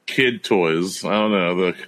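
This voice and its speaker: A man with a bright, forceful tone co-hosts a casual wrestling chat. He teases his partner and keeps correcting him. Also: deep voice, unhurried. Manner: teasing, corrects his co-host. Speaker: podcast co-host.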